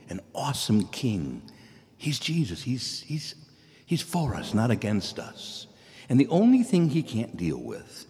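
Deep-voiced preacher in a reverberant church. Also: male voice, mellow. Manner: earnest, pleading, rises to exclamations then drops to near whispers. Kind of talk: sermon.

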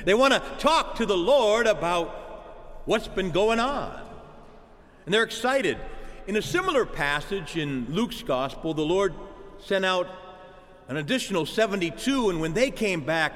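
A preacher delivers a sermon in a high, lively voice that rises and falls widely, and he takes his time. He addresses the congregation as "church" and asks them for an amen, while a long reverb from the church hall trails his words.

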